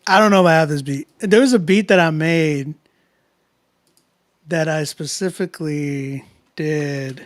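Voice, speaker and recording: A man's voice: a little high, unhurried, long pauses, dry recording. A man hosting a live music critique stream, chatting casually and joking with slang. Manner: laid-back, joking, laughs often, uses slang.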